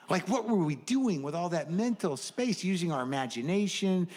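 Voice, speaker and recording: A middle-aged man doing a stand-up comedy set, riffing in a wry, sardonic, conversational way. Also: fairly high pitch.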